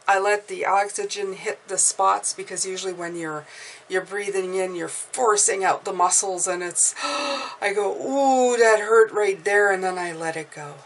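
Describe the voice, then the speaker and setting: A woman tarot reader giving an encouraging, casual spiritual pep talk, often repeating herself and breathing deeply aloud. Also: normal speed, a bit bright. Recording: mic at a distance, faint background noise.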